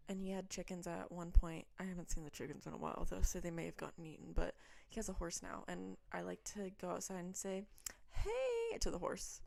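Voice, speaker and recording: Young girl chatting and reading stories out loud, kinda low and warm, super dry close sound. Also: gravelly, dry recording. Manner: chatty, rambling asides. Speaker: vlogger reading online stories. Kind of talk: casual chat and reading aloud.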